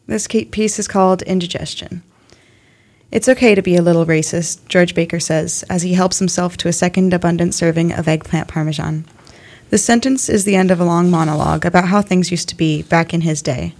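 A young woman of about eighteen reads her own essay aloud at a steady, measured pace. Her voice carries a noticeable gravelly fry. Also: lowish voice. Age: young adult. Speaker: student writer reading her essay.

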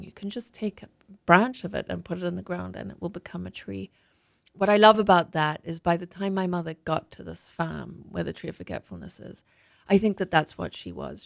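A woman reads from her memoir with a lowish voice and a gravelly edge, taking deliberate, expressive pauses. The sound is dry and close, with no room around it. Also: dry recording. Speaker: author and guest. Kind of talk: memoir reading and interview talk.

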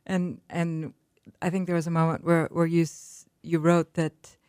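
A woman interviewer talks in a very low voice. She is halting and restarts her sentences often. The recording is dry and close. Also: flat delivery, darkish tone, smooth, no echo. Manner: hesitant, with many restarts. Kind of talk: conversational interview.

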